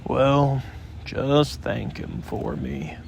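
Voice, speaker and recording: A man voicing a gloomy old male donkey who talks in a slow, dry, mournful way. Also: mid-range voice, big pitch swings, vocal fry, darkish tone, a little hiss or hum, heavily acted.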